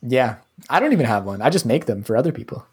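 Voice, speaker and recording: A young American man co-hosting a podcast, talking in a relaxed, hesitant way with lots of ums and likes. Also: medium pitch, fast, breathy edge. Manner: relaxed, filler-heavy, hesitant. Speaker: podcast co-host. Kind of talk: casual podcast chat.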